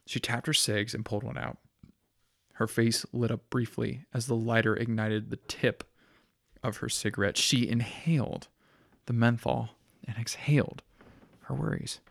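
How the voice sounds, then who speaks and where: Gravelly male storyteller. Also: mid-range voice, steady tone, unhurried, dry recording, clean studio sound. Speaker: narrator. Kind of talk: storytelling reading.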